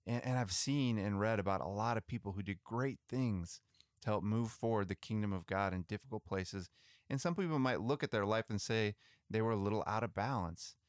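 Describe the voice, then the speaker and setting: A man with a fairly low, smooth and resonant voice tells church history stories in a relaxed, chatty way, often restarting his sentences. The sound is close and dry, with no room in it. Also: brisk, no echo. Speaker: podcast co-host. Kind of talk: casual storytelling about missionary history.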